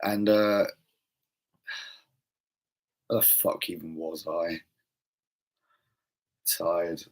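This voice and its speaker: A man's voice: deep voice, fairly even intonation, drawn-out words. A young British man hosting, ranting in a profane, digressive, exasperated monologue. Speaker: host.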